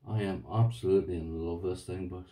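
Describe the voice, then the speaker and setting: Talking fast in a low, warm voice with a steady tone, this Irish man unboxes something on his lockpicking vlog, gushing to viewers and repeating himself. He's far from the mic.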